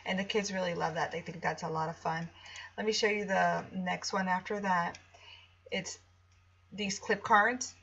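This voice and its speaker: A woman's voice: lowish voice, fairly even intonation, moderate pace, a bit bright, husky, highs cut off. A woman teacher walking listeners through classroom activities in a chatty, explanatory way, with frequent ums and restarts. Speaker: teacher-author showing a product. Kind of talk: casual screen walkthrough.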